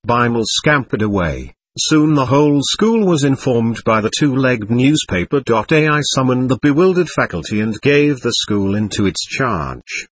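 Give me a man with a husky, breathy voice reading a memoir audiobook in an earnest, measured way, recorded dry and close. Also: medium pitch, big pitch swings, no room sound. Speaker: narrator.

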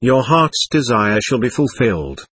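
A man voicing a serene elderly male guru who speaks in a calm, measured, kindly way. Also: mid-range voice, breathy edge, dry recording, exaggerated voice. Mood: comforting.

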